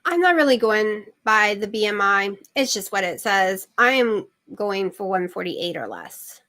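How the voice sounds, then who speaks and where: Chatty middle-aged woman with bright voice. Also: medium pitch, big pitch swings, measured pace. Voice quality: chatty, rambling with many fillers. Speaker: channel host. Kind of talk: casual livestream chat.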